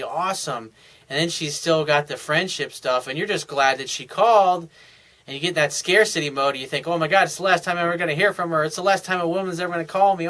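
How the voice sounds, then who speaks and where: A man's voice: a little high, sharp tone. A man hosting an advice show, giving blunt, coaching, sometimes profane advice from listener emails. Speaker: dating advice host. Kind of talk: advice monologue.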